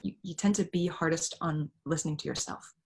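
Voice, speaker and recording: A woman on a live online panel speaks gently and reassuringly. Her voice sits fairly low, and her phrasing is halting, with frequent short pauses. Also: steady tone, gravelly.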